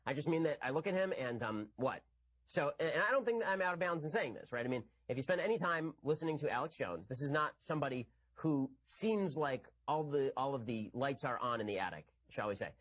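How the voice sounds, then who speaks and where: A man's voice: mid-range voice, lively intonation, fairly bright tone. A man giving an argumentative commentary monologue. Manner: rapid, argumentative. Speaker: political commentator.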